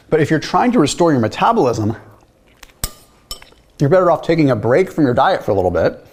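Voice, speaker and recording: A man's voice: mid-range voice, darkish tone. A man hosting a nutrition video who talks in a loose, chatty way, telling a story and then explaining diet science. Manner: chatty, loose, with frequent "like" and "right?".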